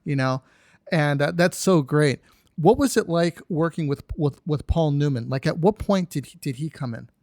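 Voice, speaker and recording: A man's voice: a little high, moderate pace, a little mellow, no room sound, studio quality. Chatty man asking a podcast guest. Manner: chatty questions with many fillers. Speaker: podcast host. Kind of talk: casual interview.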